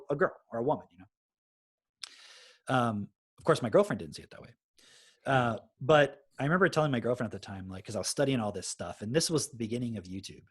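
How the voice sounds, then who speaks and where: Guy in his 30s, kinda husky, rattling through his story quick, cusses a lot. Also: mid-range voice. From Texas. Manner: swears freely, animated retelling. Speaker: podcast host. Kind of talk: casual storytelling chat.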